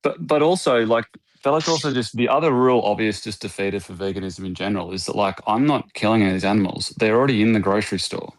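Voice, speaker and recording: A man's voice: lowish voice, fast talker, hardly any pauses, no echo, low-quality recording. A man in a voice-call chat, arguing tongue-in-cheek. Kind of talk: casual group chat on a voice call.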